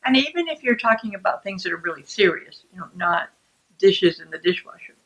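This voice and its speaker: A woman who writes self-help books, explaining shame calmly and deliberately to the camera. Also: mid-range voice, low-quality recording. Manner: calm and deliberate.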